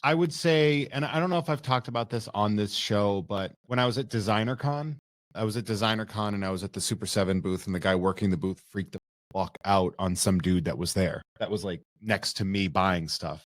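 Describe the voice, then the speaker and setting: Man, podcast co-host, low voice, dry mic, swears freely while telling stories. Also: brisk, dry recording. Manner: profane, animated storyteller. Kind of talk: casual podcast chat.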